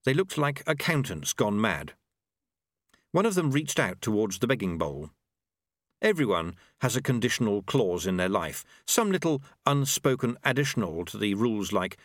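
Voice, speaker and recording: A man narrating an audiobook in a wry, expressive storytelling manner. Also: lowish voice, normal speed, no echo, clean studio sound. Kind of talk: scripted narration.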